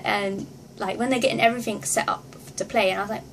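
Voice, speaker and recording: A woman vlogger telling a story to camera in a casual, excitable way, acting out her reactions and laughing often. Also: mid-range voice, fast, a little hiss or hum.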